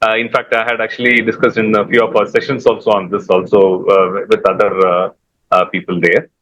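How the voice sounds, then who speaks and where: A man's voice: lowish voice, flat delivery, a little fast, fairly bright tone. Hesitant Indian man on muffled call. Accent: Indian English. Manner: hesitant, many fillers. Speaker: workshop participant. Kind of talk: sharing feedback on a call.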